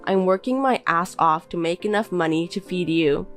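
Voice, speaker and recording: A woman's voice: on the low side, lively intonation, normal speed, faint music behind, close to an everyday voice. A woman voicing a contemptuous young husband who belittles and bosses his wife in a text-message story. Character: scornful insulting young husband.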